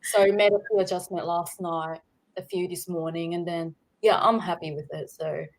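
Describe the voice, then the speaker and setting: Candid woman filmmaker, low-pitched. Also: fairly even intonation, moderate pace, rough recording. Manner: candid, rambling with fillers. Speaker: filmmaker guest. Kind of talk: casual livestream Q&A.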